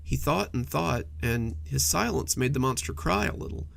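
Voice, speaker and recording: A man narrating a cozy horror story in a measured, softly dramatic way. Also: mid-range voice, lively intonation, gravelly.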